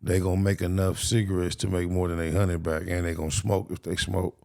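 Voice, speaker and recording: Deep, gravelly male co-commentator with a drawl and dry humor. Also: little pitch movement, brisk, warm tone. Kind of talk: casual commentary.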